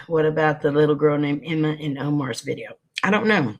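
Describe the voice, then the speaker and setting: Greeting viewers by name as he chats on a casual livestream, this host sniffles every so often. He has a fairly high, slightly bright voice and talks at a normal speed.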